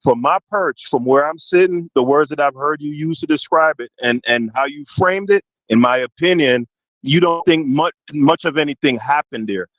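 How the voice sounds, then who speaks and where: A man with a Jamaican accent, co-hosting a podcast, asking long winding questions full of restarts and "right?", growing louder and more forceful as he gets passionate. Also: on the high side, normal speed, dry recording, highs cut off. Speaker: podcast co-host. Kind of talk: heated political discussion.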